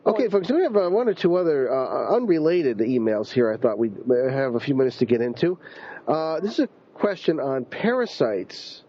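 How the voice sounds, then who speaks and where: A man's voice: mid-range voice, lively intonation, moderate pace, dark tone, slight background noise. A man hosting a radio talk show who rambles, with frequent ums and restarts. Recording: dull lo-fi radio recording.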